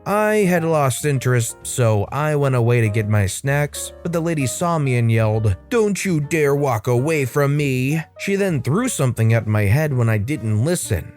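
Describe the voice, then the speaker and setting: A man's voice: mid-range voice, normal speed, hardly any pauses, faint music behind. A man narrating online stories aloud and adding his own casual commentary between them. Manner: steady, conversational storytelling. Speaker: story channel narrator.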